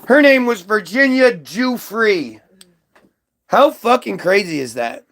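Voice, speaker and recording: Man, high-pitched, rambling livestream monologue, swears, reads aloud. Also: lively intonation, takes it slowly, fairly bright tone. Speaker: livestream host.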